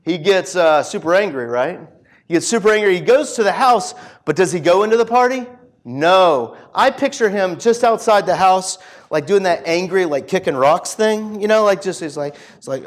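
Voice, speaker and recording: A man with a notably high voice gives a relaxed, conversational sermon in a church. He tells the story as if chatting with friends, slipping into characters' voices and piling up casual fillers. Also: normal speed. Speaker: preacher.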